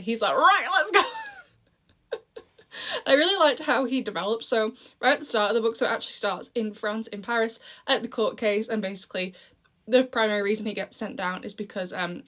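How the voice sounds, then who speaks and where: A woman's voice: mid-range voice, fairly bright tone. A young woman chatting casually about a book she read, laughing often and wandering into asides. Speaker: book reviewer. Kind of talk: casual book review vlog.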